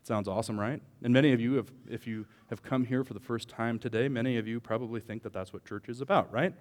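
Animated male pastor in a reverberant hall. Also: medium pitch, fast talker. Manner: animated, joking, swings from quiet to loud. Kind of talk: sermon. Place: church hall.

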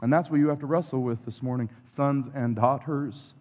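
A man's voice: medium pitch, normal speed, darkish tone. Reflective male preacher in a reverberant hall. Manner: reflective, confessional, builds through repeated phrases. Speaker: pastor. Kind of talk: sermon. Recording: long reverb of a large hall.

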